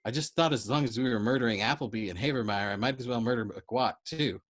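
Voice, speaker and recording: A man voicing a frantic, agitated young male bomber pilot who blurts out loud, excitable outbursts in a storybook reading. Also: medium pitch, fast talker, lightly acted. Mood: scheming.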